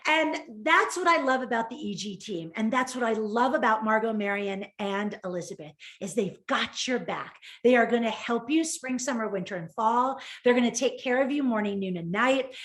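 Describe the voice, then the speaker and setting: Effusive higher-voiced woman co-host. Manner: warm, effusive storytelling. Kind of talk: live shopping broadcast.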